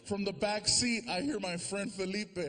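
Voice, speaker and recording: A man's voice: high voice, normal speed. A man doing stand-up comedy on stage, telling a long story and acting out the voices of the people in it. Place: large theater before a live audience. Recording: live show with loud crowd noise.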